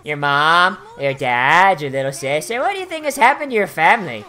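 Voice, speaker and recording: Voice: mid-range voice, sing-song, a little fast, bright, forceful tone, faint music behind. A player voicing a taunting, cruel bear mascot. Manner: mocking, goading.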